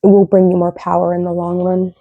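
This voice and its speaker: A woman's voice: lowish voice, monotone, fairly quick, dry recording, phone-quality sound. A young woman giving a casual, rambling tarot reading, often tagging her sentences with "right?". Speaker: tarot reader.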